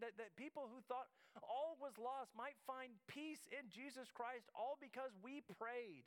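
A man's voice: extremely high pitch, fairly bright tone, clean tone. A man preaching a sermon as pastor, telling a story with many restarts and repeated words. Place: church sanctuary.

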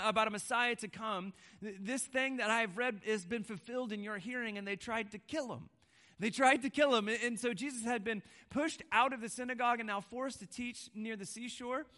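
A man's voice: sits high, pushed and bright. A man in his thirties preaching a conversational sermon, often repeating words and checking in with "right?". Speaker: pastor.

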